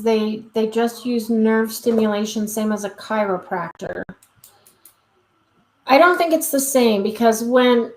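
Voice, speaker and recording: Chatty woman dog trainer, roomy echo. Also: a little high. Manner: chatty, frequent "um", acts out quoted exchanges. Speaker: dog trainer answering live questions. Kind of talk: live Q&A, casual explaining.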